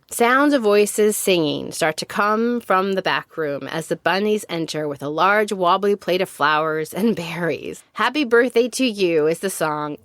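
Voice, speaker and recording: Lively woman reading a storybook. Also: medium pitch, no room sound, clean studio sound. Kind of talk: reading her own children's story aloud.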